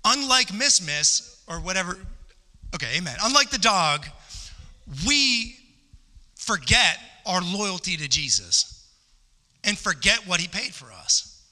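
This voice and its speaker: Bright, impassioned preacher man in reverberant church. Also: high-pitched, sing-song, slow pace, pauses often. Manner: impassioned, rising to emphatic peaks and repeating phrases. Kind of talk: sermon. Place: church sanctuary. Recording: long church hall reverb.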